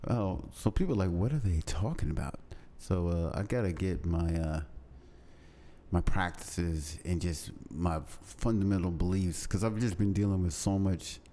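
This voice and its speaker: Deep-voiced man, relaxed and earnest. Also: moderate pace, slight background noise. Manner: relaxed, earnest, explains for listeners. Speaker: podcast co-host. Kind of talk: casual chat.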